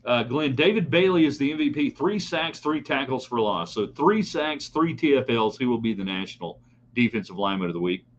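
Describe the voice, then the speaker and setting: A middle-aged man hosts a live sports talk show, opinionated and talking straight to his listeners. His voice sits at an ordinary pitch. The sound is a bit dull, with a faint hum behind it. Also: expressive, a little fast. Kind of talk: live sports talk broadcast reading chat comments.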